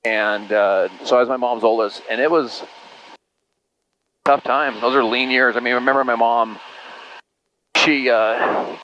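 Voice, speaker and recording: A middle-aged man tells personal stories in a loose, rambling way, dropping "dude" and "you know" between thoughts. His voice sits at an average pitch. A faint hum runs under the recording. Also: steady tone, a little slow, long pauses, sharp tone, highs cut off. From Utah. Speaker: podcast guest. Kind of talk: casual conversational storytelling.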